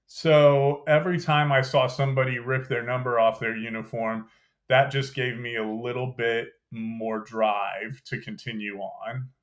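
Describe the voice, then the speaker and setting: A young adult man talks through his memories of brutal training in a casual, conversational way. He lays out the details step by step and fills his sentences with "you know" and "like." His voice sits at an ordinary middle pitch. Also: fairly even intonation, a little slow. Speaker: podcast guest, former Green Beret. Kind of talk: casual storytelling interview.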